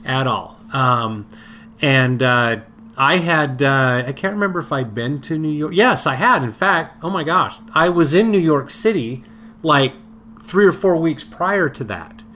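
Man, bright voice, casual storytelling, halting with fillers, faint noise. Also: fairly high pitch, animated. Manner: halting, many fillers and restarts. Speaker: podcast co-host.

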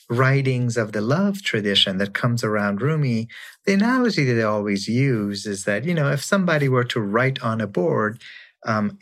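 A man talking thoughtfully in an online interview, sometimes reading poetry lines in a hushed voice. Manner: slow, lively pitch, reads poem lines with hushed voicing. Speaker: guest scholar.

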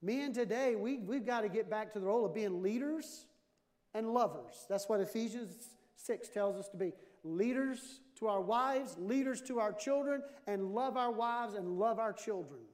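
Man, 50s, pastor, humorous sermon, animated, high voice, long reverb. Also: moderate pace. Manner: animated, jokey, acts out dialogue.

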